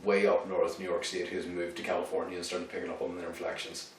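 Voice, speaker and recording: A man in a casual chat, opinionated and quick to cut in. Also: sits low, completely flat delivery, recorded from a distance. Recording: very echoey room, off-mic, faint noise.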